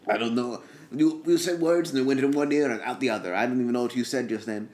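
Man playing a rambling wagon driver, grumbling, bumbling, mid-pitched everyday voice. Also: fast, a little mellow, slight background noise, lightly acted. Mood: chatty. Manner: rambling, muttering asides.

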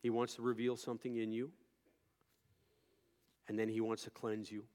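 A male pastor preaching a sermon, moving from quiet storytelling to loud, impassioned preaching. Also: on the low side, little pitch movement, moderate pace.

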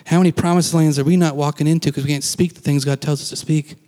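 A man's voice: a little high, fairly even intonation, fast talker, dark tone, in a large hall. A man giving a casual, conversational sermon as a pastor, acting out quoted lines and laughing now and then.

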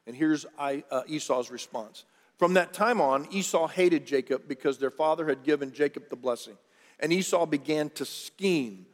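A man's voice: a little high, normal speed. A middle-aged male pastor telling a story as a sermon, casual and jokey, with asides to his congregation. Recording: long church hall reverb.

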